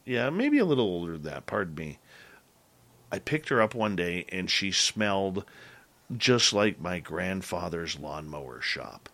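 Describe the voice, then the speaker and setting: A man with a lowish voice and a forceful, bright edge to it. He hosts a relaxed interview chat, telling personal stories in an earnest, halting way with frequent restarts. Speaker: podcast host.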